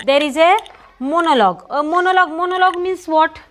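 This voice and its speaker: A woman's voice: extremely high pitch, a little fast. A middle-aged woman with a Marathi accent teaching an English lesson to children, often repeating herself and asking the class questions. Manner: repetitive, asks students questions often. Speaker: school teacher.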